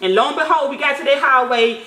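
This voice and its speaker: A woman's voice: sits high, fast talker, pushed and bright. A mother telling a story in a casual vlog, talking in a loose, slangy way with swearing and many fillers. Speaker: mother and vlogger. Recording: echoey room.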